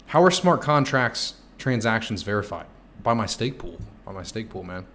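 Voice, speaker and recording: A young man in his twenties, streaming casually and answering chat questions, joking and swearing freely, sometimes shouting. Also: fairly low pitch, expressive, normal speed, a little hiss or hum.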